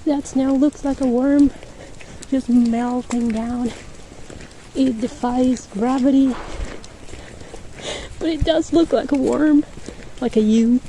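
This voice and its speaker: A woman's voice: high-pitched, fairly even intonation, takes it slowly, pauses often, mellow, slight background noise, rough recording. A woman hosting a podcast, chatting in a rambling casual way while walking outdoors on a snowy street, laughing often and a little winded. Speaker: podcast host.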